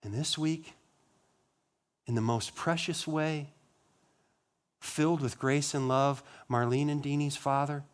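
Male pastor, slightly high voice, sermon delivery with rhetorical questions and hushed solemn drops. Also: steady tone, takes it slowly, pauses often. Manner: rhetorical questions, rising emphasis on key words; drops to a low, quiet voice on solemn lines.

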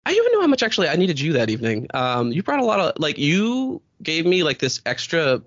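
A man's voice: a little high, wildly swooping pitch, fairly quick, dry recording, dull audio. A man in his thirties hosting a podcast, talking in a rambling, candid way with lots of fillers and casual swearing. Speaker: podcast host. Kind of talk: casual chat.

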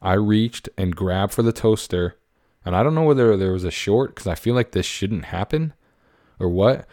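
A man's voice: on the low side, lively intonation, moderate pace, darkish tone, no room sound, clean studio sound. A young man hosting a podcast, answering a caller in a playful, profane rant, then telling a childhood story in casual chat. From United States. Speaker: podcast host.

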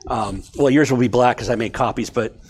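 A man's voice: mid-range voice, fairly quick, a little mellow, a little hiss or hum. Man, Bible study teacher; casual, chatty delivery to a small group. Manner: conversational, checks in with "okay?".

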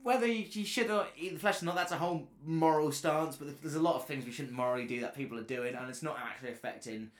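A man hosting a casual podcast chat, rambling and emphatic, getting loud on his key points. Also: on the high side, fast talker, hardly any pauses. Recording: roomy echo.

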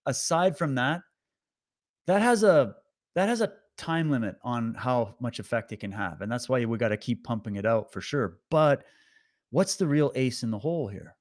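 Speaking at a normal speed with a medium-pitched, animated voice, an online commentator gives his audience a fervent motivational talk. His tone is preachy and exhorting as he pushes them on, building to emphatic peaks.

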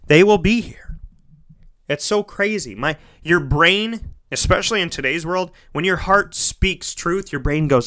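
Here a man with a high-sitting voice speaks a little slowly through a sincere motivational monologue. He leans on repetition for emphasis and shifts from forceful, loud delivery to soft near-whispers.

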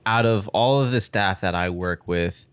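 A man's voice: on the low side, normal speed, fairly bright tone, clean tone. A young man in casual chat, telling work stories in a laid-back, slangy way with plenty of swearing.

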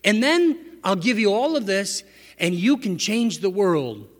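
Man doing a wheedling devil tempter, high voice, echoey hall reverb. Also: sing-song, a little slow, exaggerated voice. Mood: coaxing. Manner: wheedling, persuasive. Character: coaxing male devil, smooth tempter.

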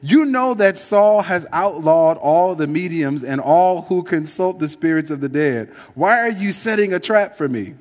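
A man voicing a frightened, indignant woman medium in a scripture reading, raised and sharp. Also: on the high side, lively intonation, measured pace, few pauses, big-room sound, voice pushed up.

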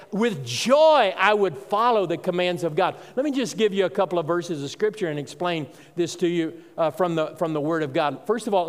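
A man preaching a sermon as pastor, emphatic and conversational, often turning to the congregation with asides. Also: high-pitched. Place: church sanctuary. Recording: long hall reverb.

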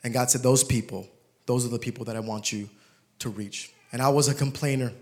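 A young man preaching a sermon, telling stories with humor and turning soft and emotional. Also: medium pitch, fairly even intonation, fairly quick.

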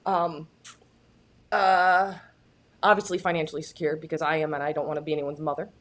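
A woman's voice: sits low, little pitch movement, fairly quick, a bit bright. A woman talking candidly and earnestly as a guest in a casual chat, often restarting her sentences.

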